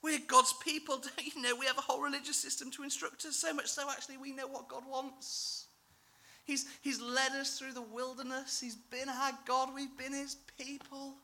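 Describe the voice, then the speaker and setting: A preacher briefly turning into a self-satisfied religious man, all posh vowels and preening sing-song, his voice pitched up high and thin as he boasts of how righteous he is. It is a sharp, bright caricature of smugness. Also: little pitch movement, moderate pace, heavily acted. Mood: smug boasting.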